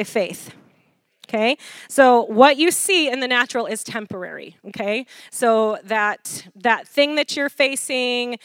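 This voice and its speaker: A woman preacher delivering a lively sermon, laughing often and calling for responses from the congregation. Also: on the high side, no room sound.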